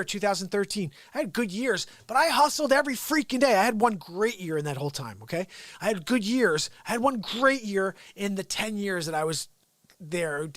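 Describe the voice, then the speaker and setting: A man's voice: sits high, fairly bright tone, no echo. A man hosting a daily livestream, ranting sarcastically and animatedly about politics from home. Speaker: livestream host. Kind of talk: unscripted political rant.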